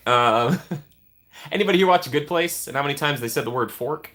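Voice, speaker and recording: A man's voice: a little high, brisk, a bit bright. A young man casually chatting on a live stream, reading and answering viewer comments with playful teasing.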